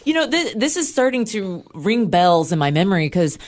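A woman hosting a podcast, asking questions in a relaxed conversational way. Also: medium pitch, normal speed. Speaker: podcast host. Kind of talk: casual interview chat.

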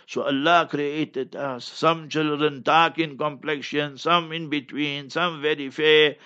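Male religious teacher, emphatic and stern; slightly high, forceful delivery. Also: steady tone, takes it slowly, highs cut off. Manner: emphatic, stern, weaves in Arabic recitation. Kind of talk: instructive sermon.

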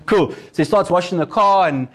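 A man preaching in a casual, storytelling way, with a voice pitched a little above most men. He retells a film scene with animated asides and turns it into a lesson. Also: moderate pace. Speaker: pastor. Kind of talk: sermon.

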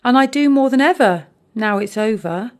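A woman reading a story, voicing a heartbroken, earnest teenage girl with a wailing, drawn-out way of pleading. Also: a little high, expressive, voice pushed up, close to an everyday voice. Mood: anguished.

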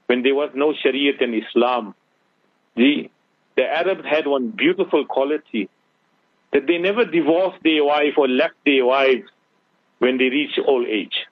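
Man, radio talk guest, scholar, earnest preaching tone, husky voice, phone-line sound. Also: medium pitch, unhurried, no echo. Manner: earnest, preaching, mixes Urdu phrases. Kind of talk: radio talk show advice.

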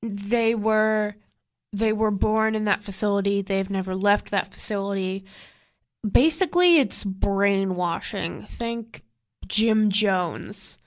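A woman's voice: medium pitch, little pitch movement, takes it slowly. A woman in a casual podcast chat, summarizing a film plainly and matter-of-factly, with frequent fillers.

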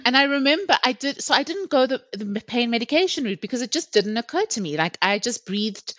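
A woman's voice: fairly high pitch, fairly quick, no echo. Candid woman telling her story. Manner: lively, candid, laughs often while telling the story. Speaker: interview guest. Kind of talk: personal storytelling in a podcast chat. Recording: dull, slightly lo-fi dry recording.

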